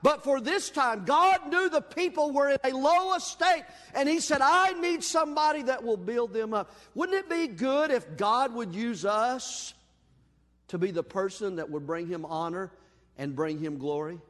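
High-voiced pastor preaching in a hall. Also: male voice, a little slow. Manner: folksy storyteller, animated and self-deprecating. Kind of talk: sermon with personal story. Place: church sanctuary. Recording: long hall reverb.

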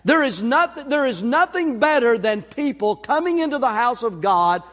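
A man preaching a sermon, telling a story with lively acted-out voices. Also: extremely high pitch, normal speed, hardly any pauses. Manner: animated storyteller, acts out voices. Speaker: pastor. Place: church sanctuary. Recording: long hall reverb.

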